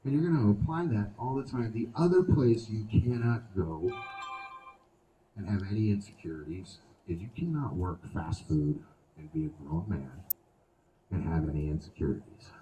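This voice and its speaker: A man's voice: low voice, moderate pace, roomy sound, far from the mic, slight background noise, poor audio. A man performing a live stand-up set outdoors, crude and profane, telling stories with lots of swearing. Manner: crude, profane, animated storytelling. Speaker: stand-up comedian. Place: outdoor show venue.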